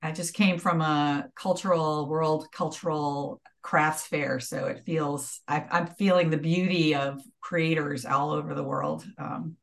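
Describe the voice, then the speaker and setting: A woman in her fifties, a podcast guest, speaking in a thoughtful, unhurried way. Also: sits low, steady tone. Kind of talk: casual podcast chat.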